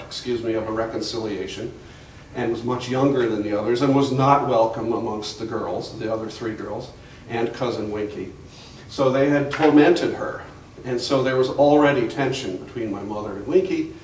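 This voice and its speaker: Older man telling stories in an echoey hall. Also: medium pitch. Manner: rambling storyteller with frequent restarts and fillers. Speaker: guest speaker at a museum talk. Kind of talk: anecdotal public talk. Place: museum gallery, recorded from the audience. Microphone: distant camera mic. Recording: echoey room from far off, faint hiss.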